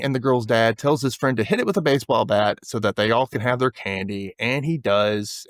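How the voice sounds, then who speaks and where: A man's voice: mid-range voice, no echo, clean studio sound. A man hosting a podcast, recapping a TV episode in casual chat and acting out the characters' lines. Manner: animated retelling, acts out characters' lines. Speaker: podcast host.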